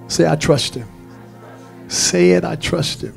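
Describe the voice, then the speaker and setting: High, gravelly preaching man. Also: measured pace, long pauses, faint music behind. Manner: call-and-response preaching, swelling to shouts. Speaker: pastor. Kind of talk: sermon. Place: church sanctuary.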